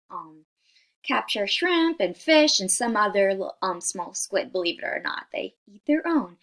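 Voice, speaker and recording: A woman's voice: mid-range voice, a bit bright. A young woman presenting a class slideshow in a casual, chatty way, with many fillers and frequent "right?", apologizing as she stumbles over hard scientific words. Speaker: student presenter.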